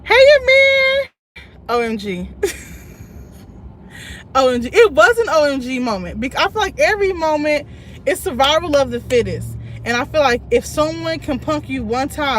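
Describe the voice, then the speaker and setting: A young woman telling a story on a live stream from her car, chatty and quick to laugh, reading out viewer comments as she goes. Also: high-pitched, a little hiss or hum.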